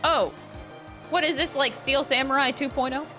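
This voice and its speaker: A woman's voice: sits high, fairly even intonation, normal speed. A woman streamer reacting dramatically to a video game and reading its lines aloud, with game music behind.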